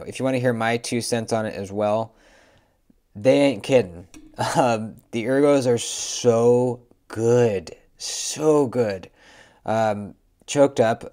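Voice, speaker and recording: A young man casually reviewing pocket knives, relaxed and chatty, with lots of fillers. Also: fairly low pitch. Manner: laid-back, lots of "um" and "man". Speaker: knife reviewer.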